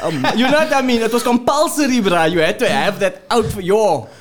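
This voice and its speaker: Male co-host, bright-pitched and animated, laughs through his stories. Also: a little fast, crowd noise. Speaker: podcast co-host. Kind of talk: casual chat.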